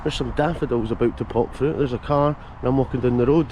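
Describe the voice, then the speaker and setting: A man's voice: mid-range voice, quick pace, dark tone, slight background noise. A Scottish man hosting a casual walking vlog through village streets, chatting to viewers with jokey asides. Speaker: vlogger and host. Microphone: handheld camera mic.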